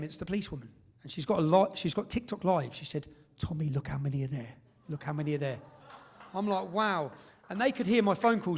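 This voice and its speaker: An English man speaking to a live audience in a fairly high register, telling his story with force. He presses each point and often checks in with a quick "yeah?" as he goes. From England. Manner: emphatic, tags points with "yeah?". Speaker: speaker at a public event.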